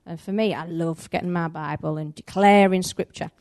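A woman's voice: fairly low pitch, normal speed. Woman preaching a story-filled sermon. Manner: animated, conversational, acts out the story's voices.

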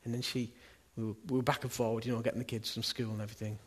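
A middle-aged man preaches in a church, his voice slightly husky and breathy. He talks in an earnest, conversational way and keeps asking his listeners rhetorical questions. His pitch sits at a mid level for a man. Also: little pitch movement, rapid-fire. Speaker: pastor. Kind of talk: sermon.

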